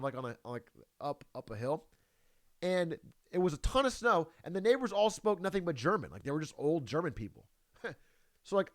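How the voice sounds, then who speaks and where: A man with a fairly high voice whose pitch leaps around as he tells a story and reacts to a clip. He laughs a lot, swears casually and talks in a loose, chatty way. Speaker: YouTuber reacting to a video.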